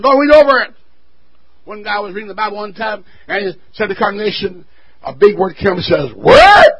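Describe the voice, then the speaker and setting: A man preaching a sermon to his church, swelling to loud shouts and dropping to quiet asides. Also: high-pitched, husky, low-quality recording. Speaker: pastor.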